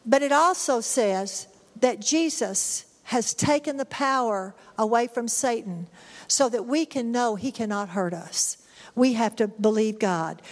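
A middle-aged woman preaching a sermon, emphatic and repetitive, sometimes crying out high. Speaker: pastor. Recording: long hall reverb.

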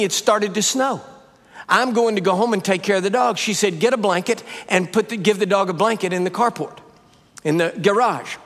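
An older man preaching a sermon in a church, telling a story and rising to animated, emphatic peaks. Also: high-pitched. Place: church sanctuary. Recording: live sermon with long reverb.

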